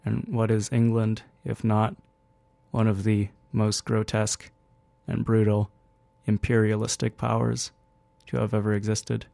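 Gravelly, flat-voiced academic man. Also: fairly low pitch, no echo. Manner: measured, academic, halting phrasing. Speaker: radio host. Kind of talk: spoken essay and commentary.

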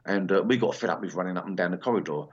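Low-voiced rambling older English man. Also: rapid-fire, breathy edge. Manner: rambling, full of ums and restarts. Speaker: interview guest, punk singer. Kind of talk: casual interview chat. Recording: slightly dull lo-fi sound.

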